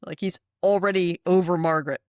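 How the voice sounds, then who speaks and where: A woman co-hosting a fan podcast, talking in a lively way with frequent laughs. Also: on the low side, fairly quick, dry recording, clean studio sound. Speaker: podcast co-host. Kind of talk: casual chat.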